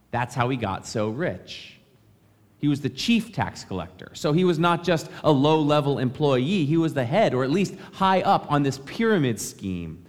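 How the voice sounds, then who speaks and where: Man preaching in a reverberant hall. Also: medium pitch. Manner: conversational, friendly preaching. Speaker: pastor. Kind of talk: sermon. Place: church sanctuary.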